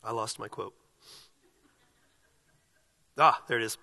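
A male pastor preaching a sermon, moving from quiet, slow passages to loud, emphatic ones. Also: medium pitch, gravelly.

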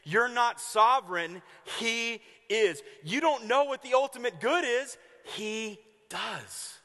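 High, bright-voiced man preaching a sermon. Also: big-room sound. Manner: animated storytelling with acted-out voices. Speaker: pastor.

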